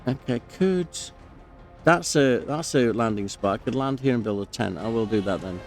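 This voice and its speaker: Man, mid-pitched, rambling storyteller narrating over gameplay, fillers and asides. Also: expressive, normal speed, soft background music. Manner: rambling, many fillers, breaks off to comment on the game. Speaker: gamer telling a story while playing.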